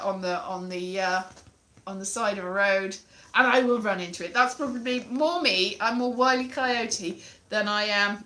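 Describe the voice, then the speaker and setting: A woman's voice: fairly high pitch, bright, forceful tone. A woman chatting casually on a livestream from her parents' living room, rambling and poking fun at herself as she greets viewers in the chat. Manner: rambling, self-deprecating, greets chat mid-sentence. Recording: roomy echo.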